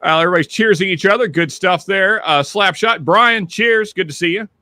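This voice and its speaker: A man's voice: sits high, pushed and bright, no echo. A man hosting a livestream in casual chat, greeting viewers by name, with a slightly stuffy nose. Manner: chatty, reads out viewer names with quick greetings. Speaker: livestream host.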